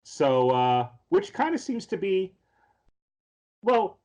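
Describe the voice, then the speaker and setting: A man's voice: high voice, big pitch swings, slow pace, a little mellow. A man on a casual podcast recapping an anime episode in a rambling way, full of ums and restarts. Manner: rambling, filler-heavy storytelling with many restarts. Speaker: podcast co-host.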